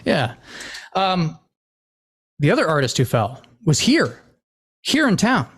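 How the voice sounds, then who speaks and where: A middle-aged man hosting a casual podcast, telling stories in a loose, laughing way with plenty of "like" and "you know". His pitch swings widely as he gets worked up, and he often breaks into laughter. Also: slow pace, slightly rough. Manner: animated storyteller, laughs often, many fillers. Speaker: podcast host. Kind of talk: casual chat.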